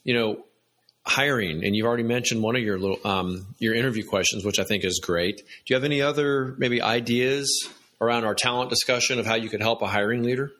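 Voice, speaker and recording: A man's voice: mid-range voice, fairly quick, fairly bright tone. A man hosting a business interview, asking rambling, hesitant questions. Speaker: podcast host.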